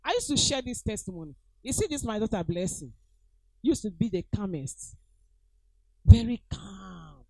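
A woman's voice: medium pitch, sing-song, fairly quick, dry recording, low-quality recording. A middle-aged woman with a Nigerian accent preaching a sermon, emphatic and repeating her phrases as she calls out to the congregation.

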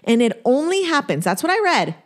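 A woman's voice: sits high, brisk. A woman in her forties, a podcast co-host, telling a story in casual chat and acting out the voices in it. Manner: animated storyteller, acts out voices.

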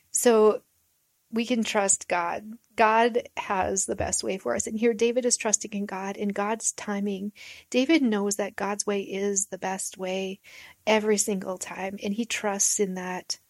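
A woman's voice: mid-range voice, fairly even intonation, a little slow, darkish tone, no room sound. A woman leading a Bible study, reading verses and explaining them in a plain, reflective way with repeated points. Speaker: Bible teacher.

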